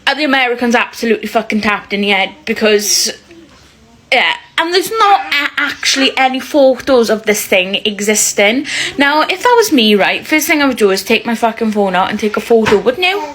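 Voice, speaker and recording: A woman's voice: a little high, animated, moderate pace, a bit bright, rough recording. Incredulous, swearing woman ranting to camera. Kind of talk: casual rant to camera.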